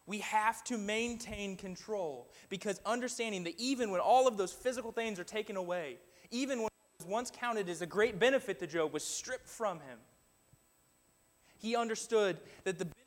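A man with a high-pitched voice delivers a church sermon. He reads scripture passages aloud, then turns earnest as he exhorts the congregation. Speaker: preacher. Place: church building.

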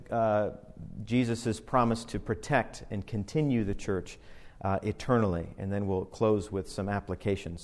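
Pastor, male, fairly high voice, emphatic sermon delivery, long hall reverb. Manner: emphatic, swings between loud declarations and quiet low phrases.

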